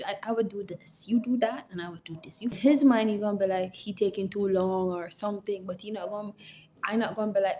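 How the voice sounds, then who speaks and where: Jamaican woman giving animated advice. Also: medium pitch, fast talker, slight background noise. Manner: animated storytelling, acts out quoted lines. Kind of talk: casual advice monologue.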